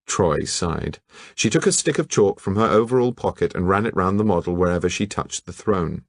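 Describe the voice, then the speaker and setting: Deep-voiced man reading a novel aloud. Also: moderate pace, no echo, clean studio sound. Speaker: audiobook narrator. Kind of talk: scripted audiobook narration.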